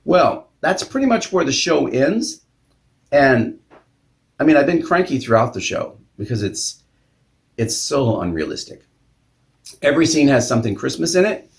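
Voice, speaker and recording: A man's voice: mid-range voice, very animated, moderate pace, gravelly, long pauses. An older man hosting a vlog, giving a cranky, sarcastic review of a movie in casual talk with sighs and ums.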